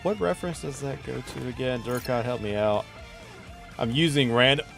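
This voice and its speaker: A man's voice: mid-range voice, moderate pace, creaky, a bit bright, faint music behind. A man hosting a casual gaming stream, playful and teasing as he chats with viewers while playing. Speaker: streamer host.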